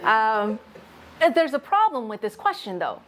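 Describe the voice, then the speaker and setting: This faculty development presenter, a woman, explains test writing patiently in a workshop, with worked examples and light laughter. She speaks a little slowly in a slightly high, sing-song voice, and there's a little hiss or hum.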